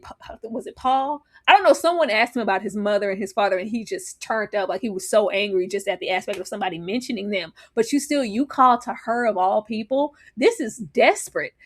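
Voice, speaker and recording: A woman co-hosting a casual TV recap chat, animated and dramatic with laughing asides. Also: medium pitch. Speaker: podcast co-host.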